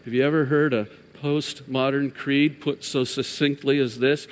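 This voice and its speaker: A man preaching a sermon as pastor, swinging from emphatic raised peaks to hushed, quiet drops. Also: mid-range voice, fairly even intonation, moderate pace, few pauses. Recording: long hall reverb.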